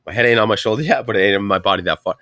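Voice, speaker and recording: A man's voice: on the low side, racing, no room sound, clean studio sound. Stoned Canadian guy rambling a story. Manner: rambling storyteller, heavy swearing, loud put-on voices for quoted people. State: high on weed. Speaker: podcast co-host. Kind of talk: casual chat.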